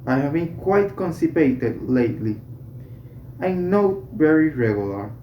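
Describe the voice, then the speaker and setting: A student slowly reading a medical English textbook aloud, correcting small slips along the way. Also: medium pitch, very animated, slight background noise. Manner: slow, careful reading with self-corrections. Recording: roomy, slightly dull home recording.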